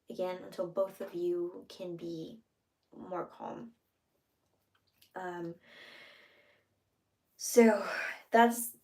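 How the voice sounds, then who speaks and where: A woman giving casual relationship advice, earnest, sometimes acting out soft whispered example lines. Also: mid-range voice. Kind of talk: casual advice talk to camera.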